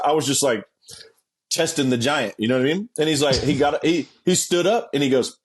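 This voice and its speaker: Husky man telling a rowdy story. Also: fast. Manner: animated, acts out quotes with sudden pitch jumps; swears freely, laughs mid-story. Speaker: interview guest. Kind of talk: casual storytelling.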